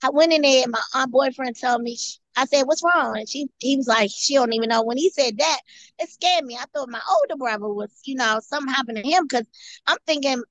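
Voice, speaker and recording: A woman guest giving an earnest personal testimony, halting and often repeating or restarting her phrases. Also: high-pitched, fairly bright tone. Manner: earnest storytelling.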